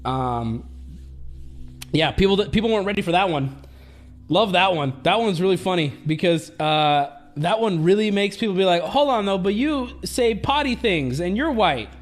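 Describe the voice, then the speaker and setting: A man streaming, chatting casually in a rambling, profane way and laughing often. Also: sits high.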